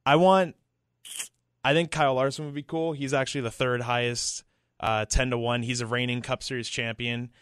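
Clear-voiced man talking racing odds. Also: mid-range voice, steady tone, normal speed, fairly bright tone, no room sound. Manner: informative, reads sports odds. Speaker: radio show co-host. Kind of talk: casual on-air chat.

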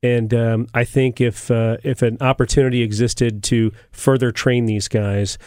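A man who is a sheriff, speaking as a guest on a talk show, measured and hesitant with many fillers. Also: medium pitch, little pitch movement, darkish tone, no echo, clean studio sound.

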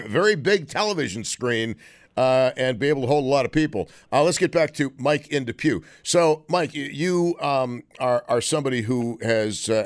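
A man hosting a call-in sports radio show, chatting in a wry, sarcastic way and taking callers. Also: fairly high pitch. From Western New York. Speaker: radio talk show host.

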